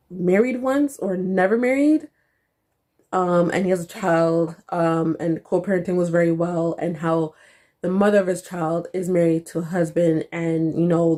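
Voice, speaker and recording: A young woman vlogger telling a story in a casual, animated way, filling her talk with "like" and acting out the dialogue. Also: fairly low pitch. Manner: animated, lots of "like", acts out dialogue.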